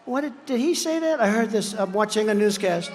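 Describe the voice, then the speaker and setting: This man speaks in a high, brisk voice with lively intonation. He's a political candidate at a large campaign rally, rambling and boasting into a podium microphone while imitating his rivals' words to mock them. The recording has the long reverb of a large venue.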